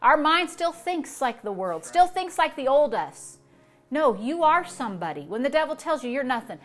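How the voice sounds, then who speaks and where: A woman's voice: sits high, sing-song, normal speed. A woman pastor preaching a sermon, exuberant, repeating short phrases and breaking into long fits of laughter.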